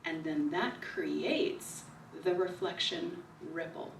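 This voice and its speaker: A woman giving a calm, repetitive spiritual talk at her book signing, slowing down to stress key ideas. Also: on the low side, creaky, a little hiss or hum. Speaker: author speaking at a book signing. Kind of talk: spiritual talk to a small audience. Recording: echoey room recorded from far off.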